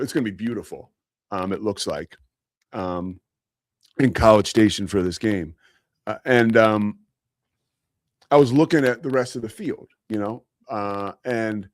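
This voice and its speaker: A man's voice: mid-range voice, no echo. A man hosting a sports talk show, telling a story in a rambling, self-mocking way with lots of fillers. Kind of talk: casual storytelling monologue.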